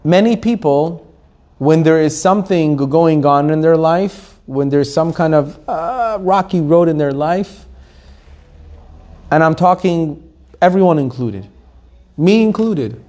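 A man, a rabbi, teaching a Torah class to a live audience, animated, asking the room questions and laughing often. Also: on the high side, takes it slowly.

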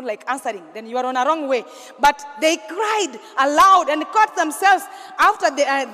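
Very high-voiced woman preacher. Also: in a large hall. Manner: emphatic call-and-response preaching, bursts of shouting. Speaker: pastor. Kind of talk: sermon. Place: large church hall.

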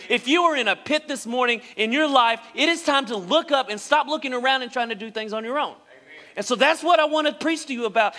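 Guy preaching in church, high bright voice, big echoey hall, gets dramatic. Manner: dramatic, acts out quoted speech. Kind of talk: sermon. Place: church sanctuary.

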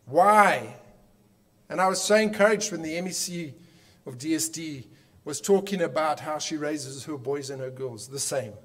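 A man with a South African accent giving an impassioned conference speech, emphatic, with rhetorical questions and dramatic pauses. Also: on the high side, a bit bright. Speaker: conference speaker.

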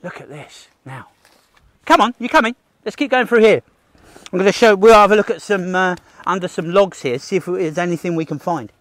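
An enthusiastic Australian man leads a livestreamed outdoor nature walk for children, talking directly to the viewer, joking, and gasping at his discoveries. His voice sits high, is expressive and fairly bright, and runs a little fast.

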